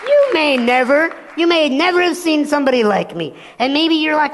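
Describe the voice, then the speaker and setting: A male motivational speaker giving an animated keynote, telling stories and acting out voices in a large hall. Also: extremely high pitch, normal speed, hardly any pauses, a faint crowd. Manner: animated storytelling, acts out voices. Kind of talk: keynote talk on stage. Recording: long hall reverb.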